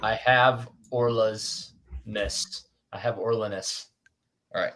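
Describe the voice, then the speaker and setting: A man's voice: lowish voice, fairly even intonation, slow pace, a bit bright. A man hosting a casual live-stream chat, rambling and self-conscious, laughing often and restarting his sentences. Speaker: host.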